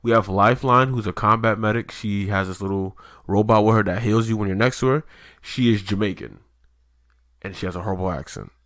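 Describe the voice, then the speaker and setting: A man's voice: on the low side, fairly quick, fairly bright tone, dry recording, clean studio sound. A man co-hosting a podcast in loose casual chat, rambling with lots of fillers and swearing. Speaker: podcast co-host.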